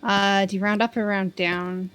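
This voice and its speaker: A woman of middle pitch plays a tabletop game, plainly stating her moves and rolls. Faint music sits behind her. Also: level tone, moderate pace, fairly bright tone, smooth. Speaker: player.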